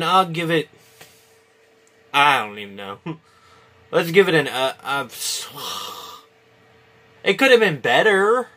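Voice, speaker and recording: A man's voice: fairly high pitch, pushed and bright. A man giving a casual, opinionated video review, rambling with many restarts and fillers. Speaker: wrestling reviewer.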